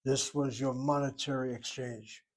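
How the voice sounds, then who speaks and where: A man teaching an informal class, talking through grammar step by step. His voice sits at an ordinary middle pitch, and he thinks aloud as he explains. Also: steady tone, unhurried, poor audio. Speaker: Hebrew teacher. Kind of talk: informal recorded class lesson.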